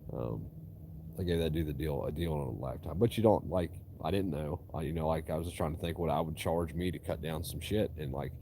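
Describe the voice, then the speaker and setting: Low mellow-voiced guy rambling and cussing about cutting trees, bit of hiss behind. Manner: profane, rambling, drawling storyteller. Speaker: tree cutter vlogging. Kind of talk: casual rambling monologue.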